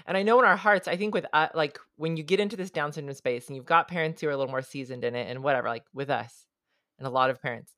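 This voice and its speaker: A woman's voice: low voice, fast, fairly bright tone, no room sound, clean studio sound. A woman co-hosting a podcast, chatting enthusiastically and speaking directly to her listeners. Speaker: podcast co-host. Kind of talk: casual podcast chat and ad read.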